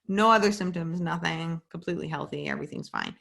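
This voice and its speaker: A woman's voice: lowish voice, a little fast, creaky, fairly bright tone. Chatty woman, lots of "like" fillers. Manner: chatty, many "like" fillers, candid and swearing. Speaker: podcast host. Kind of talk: casual solo podcast monologue. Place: home at night.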